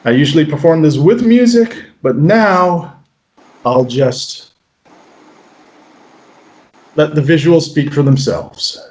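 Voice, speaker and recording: Male magician guest, slightly raised pitch, energetic storyteller, stammers through restarts. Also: slow, long pauses. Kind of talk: interview conversation.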